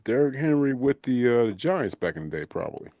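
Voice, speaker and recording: Excitable man hosting sports banter. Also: brisk, no echo. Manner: animated, profane, jumps up in pitch when excited. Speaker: podcast host. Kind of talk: casual sports chat.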